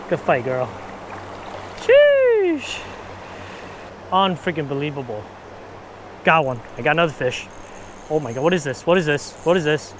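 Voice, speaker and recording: Young male fishing vlogger, high-pitched, quick to shout with excitement, outdoor action-cam sound with faint background hiss. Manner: excitable, bursts into exclamations and laughs. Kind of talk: casual on-the-spot commentary. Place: outdoors at a river spillway. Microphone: action camera.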